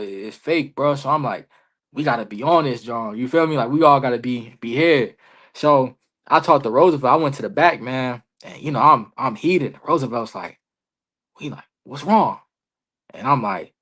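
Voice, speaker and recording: A young man, a wrestler guest on a podcast, telling stories in a casual, animated way with lots of slang. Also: medium pitch. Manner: animated, slangy, lots of "bro" and "you feel me". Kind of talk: casual interview storytelling. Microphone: remote podcast call.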